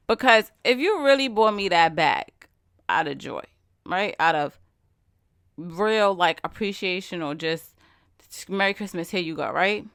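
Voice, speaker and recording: A woman hosting a solo podcast, talking straight into the mic in an emphatic, conversational way. She fires off rhetorical questions in easy slang, and her voice sits at a middle pitch. The sound is dry and close, with no room around it. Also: gravelly, fairly bright tone, no room sound. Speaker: podcast host. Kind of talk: casual solo podcast monologue.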